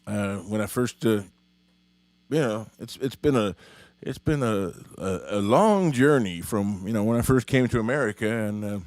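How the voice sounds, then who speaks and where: A man's voice: fairly low pitch, moderate pace, darkish tone, no echo. A middle-aged man with a Norwegian accent, rambling through a live-stream chat with many fillers and restarts. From Norway. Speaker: musician hosting a live stream. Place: home studio.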